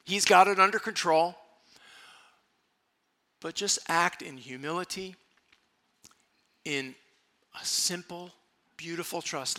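A pastor delivers a sermon to his congregation in a church sanctuary, with a strikingly bright, ringing tone that sits a touch high for a man. He talks conversationally, joking with the room one moment and dropping to a hushed, earnest hush the next. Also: slow, pauses often.

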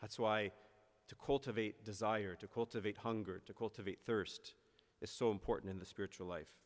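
Low-voiced priest preaching in a reverberant church. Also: male voice, steady tone. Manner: earnest, builds to emphatic peaks then slows on key phrases. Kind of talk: sermon.

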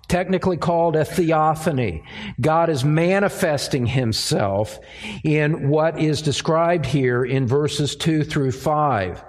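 A man preaching an expository sermon, speaking deliberately and repeating words as he finds his phrasing. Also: a little high. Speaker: pastor.

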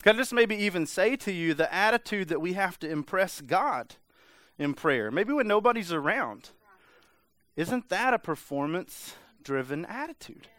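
A man's voice: high-pitched, big pitch swings, normal speed, a bit bright, no echo. A man preaching a casual, conversational sermon, full of "like" and playful mimicry of voices. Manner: conversational, lots of filler "like", mimics voices for humor. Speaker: pastor.

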